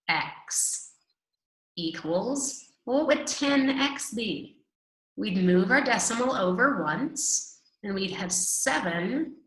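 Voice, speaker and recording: Patient woman teacher for a recorded math lesson, unhurried and reassuring, roomy echo. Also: fairly high pitch, bright, forceful tone. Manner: slow, reassuring, drawn-out repetitions.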